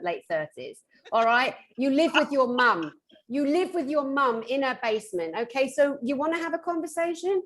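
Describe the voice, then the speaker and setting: A British woman hosting an interview, talking in a lively, playful, high-energy way. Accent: British English. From England. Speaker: host. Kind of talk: casual interview chat.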